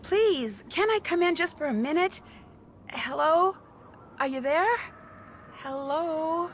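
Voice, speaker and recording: Nancy Drew, a high-voiced young detective. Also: female voice, lively intonation, slow pace, exaggerated voice. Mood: pleading. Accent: American. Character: young woman detective, polite and determined. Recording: game audio with clear background noise.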